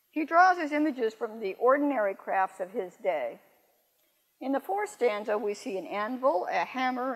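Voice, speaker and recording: An older woman poet giving a lecture, reading verse slowly and adding wry, self-correcting asides. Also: sits high, husky. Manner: measured, slows down to read verse aloud. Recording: long reverb in a hall.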